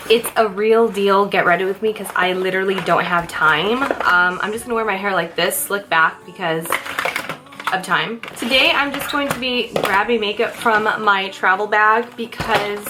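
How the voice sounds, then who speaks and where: A woman's voice: medium pitch, normal speed, noisy background. A young woman chatting casually through her makeup routine in a vlog, self-mocking and a little out of breath. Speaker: beauty vlogger. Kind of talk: casual get-ready-with-me makeup chat. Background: faint background music.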